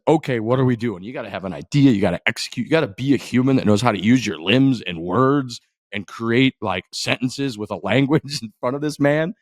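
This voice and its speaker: A man co-hosting a golf podcast, telling a long story in an animated, profane way and acting out other people's lines. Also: mid-range voice, no echo. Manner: animated, profane, quotes others in his stories. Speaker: podcast co-host. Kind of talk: casual storytelling chat.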